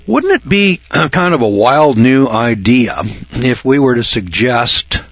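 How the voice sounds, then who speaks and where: A husky man in his late sixties hosts a radio program in a folksy, self-assured monologue. His delivery swings from low, muttered asides to loud, shouted outbursts. The recording is dry and dull, with a lo-fi sound. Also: very animated, a little slow, dry recording. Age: 60s.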